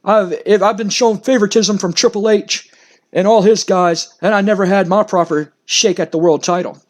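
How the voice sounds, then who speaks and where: A man's voice: high voice, fairly even intonation, moderate pace, close to an everyday voice. A man voicing a brash, swaggering male wrestling star who talks in a boastful way.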